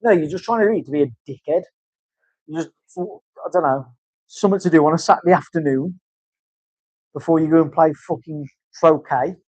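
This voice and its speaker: A man's voice: fairly high pitch, brisk, darkish tone, dry recording. A man in casual chat, rambling and swearing through banter in a tattoo studio. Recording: dull, dry lo-fi sound.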